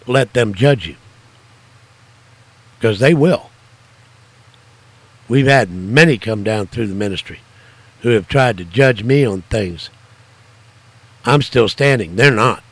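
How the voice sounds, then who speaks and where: An older man preaching and telling stories from his ministry, emphatic, his voice jumping higher on stressed words. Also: expressive, takes it slowly, vocal fry, long pauses, dry recording. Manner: emphatic storytelling, voice jumps high for stress. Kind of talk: informal sermon-style teaching.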